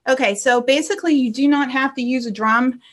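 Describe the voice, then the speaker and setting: A woman life coach teaching a casual online class over a computer mic, chatty and quick to laugh, tagging her points with "okay?". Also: high-pitched. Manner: chatty, tags nearly every point with "okay?", laughs easily.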